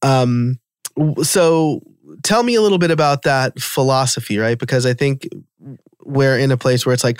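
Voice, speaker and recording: Male podcast host, New York accent, mid-pitched voice, dry close sound, animated casual delivery. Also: clean tone, dry recording. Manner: animated, quick asides and quoted self-talk.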